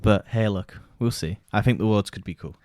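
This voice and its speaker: A man's voice: lowish voice, a little fast, a little mellow, no room sound. A man co-hosting a podcast in casual chat, blunt and scoffing, swearing freely. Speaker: podcast co-host.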